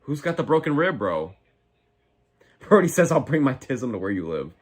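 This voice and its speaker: A man in his twenties hosting a live fight watch-along, reading chat aloud and reacting in a profane, excitable way. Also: medium pitch, moderate pace. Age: 20s. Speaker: live stream host.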